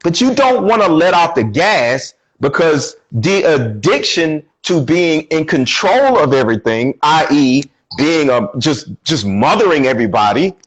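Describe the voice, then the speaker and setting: A man talking as a relationship coach in a casual conversation, animated and acting out what people say. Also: fairly high pitch, unhurried, few pauses, rough recording. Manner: animated, acts out quoted voices.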